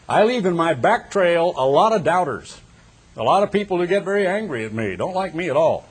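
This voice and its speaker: An older man preaching a sermon, retelling scripture with dramatic storytelling that slows down and swells for emphasis. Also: high voice, very animated, husky.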